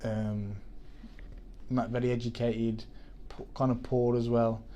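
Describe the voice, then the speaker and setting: A man's voice: medium pitch, flat delivery, measured pace, dark tone, a little hiss or hum. A man, chatting on a podcast and telling a story with many restarts. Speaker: podcast co-host. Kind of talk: casual chat.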